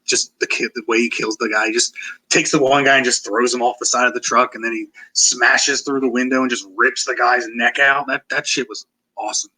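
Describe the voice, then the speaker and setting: A man talks quickly as a guest on a casual podcast. His voice is very bright and edged with husk. He stays laid-back and swears now and then. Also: medium pitch, steady tone, breathy edge, rough recording. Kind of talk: casual chat.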